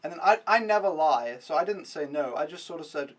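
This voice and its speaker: A man's voice: on the high side, animated, brisk, hardly any pauses, far from the mic. A young man vlogging a casual, rambling recap, mocking himself and swearing freely.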